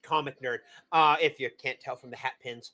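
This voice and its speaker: A man hosting a casual livestream movie review, rambling, excitable and quick to swear. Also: mid-range voice. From Massachusetts. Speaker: movie review show host.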